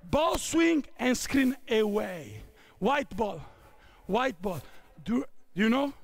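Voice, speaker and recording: Italian coach in his 50s, high gravelly voice, barks drill calls on a court, slow-talking. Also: big pitch swings. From Italy. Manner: barking short drill commands. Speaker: basketball coach. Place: indoor basketball court.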